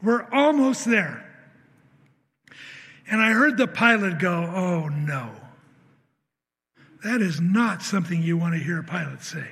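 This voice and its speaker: A man's voice: sits high, expressive, normal speed, creaky, long pauses, pushed and bright, slightly rough. A man preaching a sermon, telling a personal story in an earnest way, acting out the dialogue and often restarting his sentences. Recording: long hall reverb.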